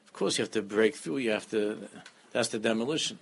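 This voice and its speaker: A man giving a lively Torah class, often repeating phrases and mixing Hebrew terms into his English. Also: fairly low pitch, fairly quick, gravelly, a little hiss or hum. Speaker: rabbi teaching a class.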